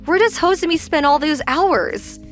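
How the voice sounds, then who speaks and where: महिला द्वारा निभाई गई चिंतित, अड़ी हुई पत्नी, ऊँची आवाज़. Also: female voice, sits high, normal speed, faint music behind, lightly acted. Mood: worried, insistent. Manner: confronting, insistent. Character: worried, protective young wife.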